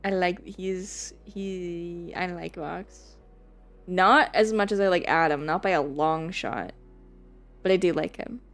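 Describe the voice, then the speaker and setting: A woman's voice: fairly low pitch, slow pace. A woman streamer chatting casually on a live stream, rambling, laughing often and swearing casually.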